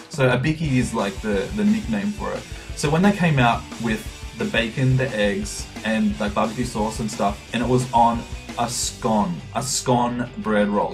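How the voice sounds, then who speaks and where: A young man with an Australian accent, chatting casually to camera about his travels and laughing at his own stories. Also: on the low side. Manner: chatty, laughing, acts out quotes. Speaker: vlogger.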